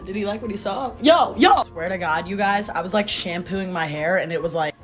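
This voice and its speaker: A woman giving casual comedic commentary with deadpan, sarcastic asides. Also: mid-range voice, a little fast, soft background music. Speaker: comedy content creator.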